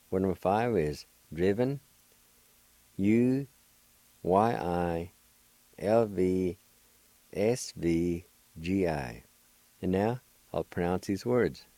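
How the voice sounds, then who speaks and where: Slow, deep-voiced older man teaching words. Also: warm tone, no echo. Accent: Cherokee. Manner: slow, patient spelling out of words. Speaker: language teacher and radio host. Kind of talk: radio language lesson.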